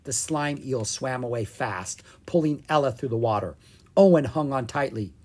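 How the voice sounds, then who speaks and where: A reader narrating a children's storybook in an animated, playful way, reading the sound effects aloud. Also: medium pitch, moderate pace. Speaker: audiobook reader.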